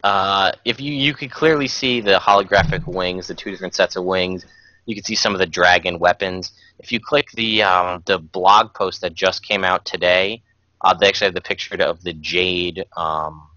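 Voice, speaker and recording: A man co-hosting a gaming podcast, talking in a hesitant, relaxed way with lots of ums. His voice is very low but bright and forceful. The sound is dry and dull, with a lo-fi feel. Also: no echo. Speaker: podcast co-host. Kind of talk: casual chat.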